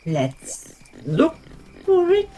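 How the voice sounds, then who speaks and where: A woman's voice: sits high, wildly swooping pitch, extremely slow, dark tone. A woman streamer in casual gaming chat, thinking aloud as she plays and bantering with a friend. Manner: musing, thinks aloud while playing. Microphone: streaming setup.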